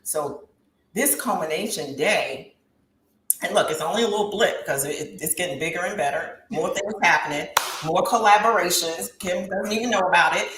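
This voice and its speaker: A woman's voice: on the low side, moderate pace. A woman in her thirties giving an impassioned testimony in an interview, with a preacher-like rise and fall. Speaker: guest talk show host. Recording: roomy echo with faint background hiss.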